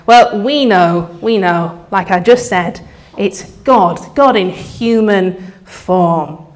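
A woman's voice: mid-range voice, slow. A woman leading an interactive children's talk at church, coaxing the audience to join in, speaking into a microphone to a live crowd. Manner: lively, coaxing, audience participation.

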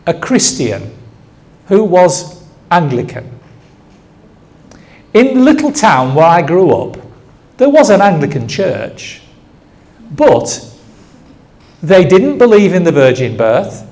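A man's voice: a little high, a little mellow. A man in his sixties preaching a sermon, telling a story and asking the congregation rhetorical questions.

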